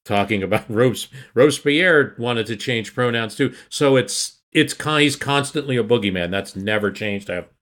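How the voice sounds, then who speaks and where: A man's voice: mid-range voice, moderate pace, hardly any pauses, fairly bright tone. A man, a guest podcast host, talking history in an enthusiastic, rambling way with frequent restarts. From United States. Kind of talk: casual history discussion.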